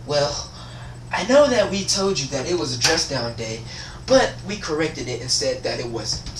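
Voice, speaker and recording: A man's voice: fairly high pitch, normal speed, roomy sound, far from the mic, background noise. Teen guy voicing a stern school co-advisor. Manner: calm, formal, matter-of-fact.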